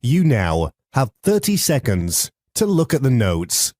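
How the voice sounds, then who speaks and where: A man announcing listening test sections very slowly and deliberately. His pitch is lively, and the recording is dry and close. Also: no room sound. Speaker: exam narrator. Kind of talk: scripted narration of test instructions.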